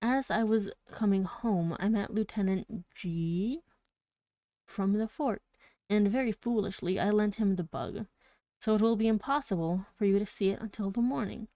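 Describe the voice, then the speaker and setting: A woman reading aloud as an excitable gentleman collector, talking enthusiastically and at length in a storybook voice close to her own. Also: mid-range voice, normal speed, no echo, lightly acted. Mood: excited. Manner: enthusiastic, talkative. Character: eager, excitable gentleman collector, adult man.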